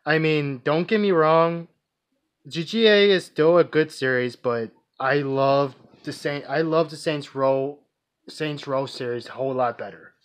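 A man's voice: fairly high pitch, unhurried. A man vlogging casually, answering viewer questions in a rambling, hesitant way with many restarts and fillers. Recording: dull lo-fi recording.

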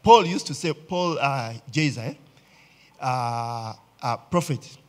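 A man's voice: medium pitch, expressive, slow. A Ugandan man preaching a sermon as pastor, talking conversationally and often checking in with the congregation with "eh?" and "okay?".

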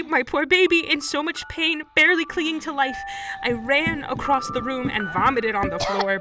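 A woman narrating a first-person horror story in a dramatic, emotional reading style. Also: medium pitch. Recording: distant mic with loud background music.

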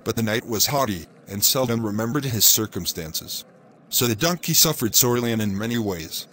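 A man reading a children's story aloud in a steady, measured narration. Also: fairly low pitch, a little hiss or hum.

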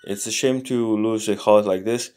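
A man teaching a casual lesson, thinking aloud in a halting way and sounding out foreign words slowly. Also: on the low side, steady tone, a little mellow, smooth, faint music behind. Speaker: language learner teaching a lesson. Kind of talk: casual screen-recorded lesson.

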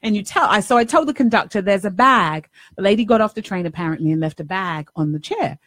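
Animated New woman telling a story. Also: medium pitch, fast, no room sound, clean studio sound. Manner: animated storytelling, swears, acts out dialogue. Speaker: life coach and show host. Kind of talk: casual monologue.

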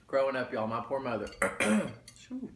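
A man's voice: medium pitch, animated, normal speed, fairly bright tone. A man chatting casually to viewers while eating, folksy and talkative. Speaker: mukbang vlogger. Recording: roomy echo, faint background noise.

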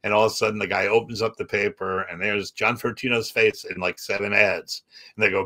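A man with a low, bright voice spins lively showbiz anecdotes in a relaxed interview. He jumps into quoted voices and laughs along with his own stories. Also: a little fast. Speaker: comedian and magician guest. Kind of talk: casual storytelling interview.

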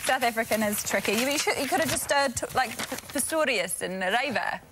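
A woman's voice: on the high side, expressive, fairly quick, background noise. A woman co-presenting a live breakfast TV show, teasing her co-host and laughing often. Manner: giggly, teasing. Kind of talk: live studio banter. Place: TV studio.

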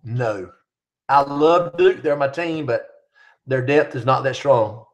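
A man's voice: mid-range voice, takes it slowly. A middle-aged man hosting a casual live chat, reading out viewer questions and answering them. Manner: reads viewer questions aloud, chatty.

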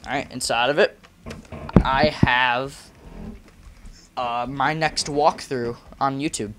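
A teenage boy streaming live, chatty, talking in quick bursts and laughing often. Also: medium pitch, steady tone, noisy background. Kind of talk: casual live-stream chat.

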